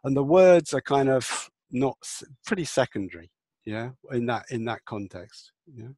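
An earnest man explains his approach as an interview guest, often breaking into lively acted-out replies and repeating "yeah". His voice sits at an ordinary pitch. It is recorded dry and close, with little room sound. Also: normal speed, no echo. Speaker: guest, empathy and communication teacher. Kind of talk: conversational interview talk.

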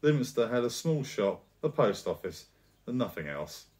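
A male storyteller reads a scripted tale at a steady pace. His pitch rises and falls a lot, which keeps the descriptive reading animated. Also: normal speed.

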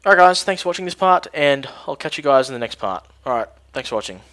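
A young man giving casual, excitable let's-play commentary, thinking aloud and swearing at the game. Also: fairly high pitch, fast talker.

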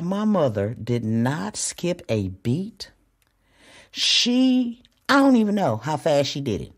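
A woman hosting a podcast, talking bluntly in a casual, profane monologue that swings between loud and hushed. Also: very deep voice, animated, moderate pace. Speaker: podcast host.

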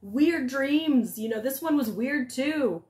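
A woman voicing the devil's old mother, a sharp-tongued but caring figure who scolds and coaxes, in a storybook telling. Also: high voice, lively intonation, slow pace. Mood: coaxing. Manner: scolding, coaxing. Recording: echoey room.

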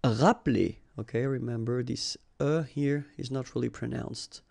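A native French speaker with a French accent teaches vocabulary in a medium-pitched, creaky, slightly mellow voice. He speaks at normal speed with fairly even intonation and no room sound, patiently drilling pronunciation and checking in with the learner after each word.

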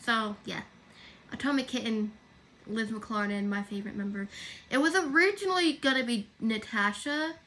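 A woman's voice: a little high, normal speed, fairly bright tone. A young woman chatting casually on her livestream, rambling and correcting herself as she goes. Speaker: livestream host.

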